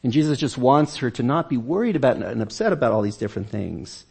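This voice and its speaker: Gravelly-voiced pastor preaching conversationally. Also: male voice, medium pitch, expressive, fast, darkish tone. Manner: conversational, repeats and restarts words. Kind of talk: sermon. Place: church.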